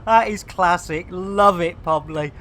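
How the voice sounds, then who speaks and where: Chatting casually to viewers during a game stream, an English woman reads their comments aloud and keeps up cheeky, profane banter laced with rhyming slang. She speaks at a measured pace in a lowish, fairly bright voice.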